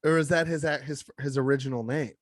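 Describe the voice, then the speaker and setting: A man's voice: mid-range voice, fairly even intonation, a little fast, no echo, clean studio sound. A young man and father co-hosting a podcast, joking casually and acting out quoted voices. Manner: jokey, acts out quoted voices. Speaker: podcast co-host. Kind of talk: casual banter.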